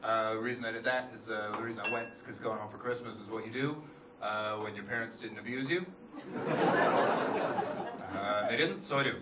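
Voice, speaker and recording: A man's voice: lowish voice, fairly quick, long pauses, heavy background noise. A Canadian man with a Canadian accent doing live stand-up, with a dry, sarcastic, self-deprecating delivery. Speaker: stand-up comedian. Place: comedy club stage. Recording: echoey club, loud crowd, from far off.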